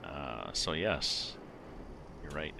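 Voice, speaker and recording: A middle-aged man with a very deep, gravelly voice chats casually with live viewers while playing a driving game, speaking extremely slowly in a sing-song way. He rambles and thinks aloud with many fillers as the game's truck engine and road sounds run underneath.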